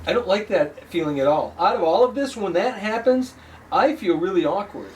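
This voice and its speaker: A man co-hosting a casual business chat, talking in an earnest, halting way with many restarts. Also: high voice, lively intonation, distant mic, slight background noise. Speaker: pool business co-host.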